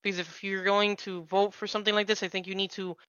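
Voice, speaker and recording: Bright, crisp-voiced woman chatting enthusiastically. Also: medium pitch, flat delivery, no room sound, lo-fi sound. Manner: enthusiastic, rambling, quick asides. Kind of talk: casual game-discussion chat.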